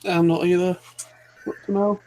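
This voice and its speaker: A man's voice: high voice, level tone, normal speed, dark tone, slight background noise. A man with a Yorkshire accent chatting casually in an online group call, rambling and digressing as he talks. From Yorkshire, England. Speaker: live chat co-host.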